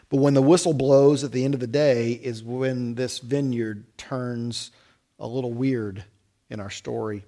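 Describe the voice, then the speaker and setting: A man's voice: mid-range voice, mellow. A man, a pastor giving a conversational sermon with wry asides.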